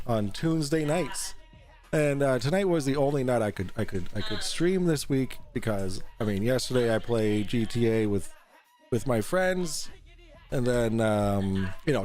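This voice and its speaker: A man's voice: medium pitch, darkish tone. A man hosting a casual livestream talk show, rambling and swearing as he reads and answers chat while drinking on air.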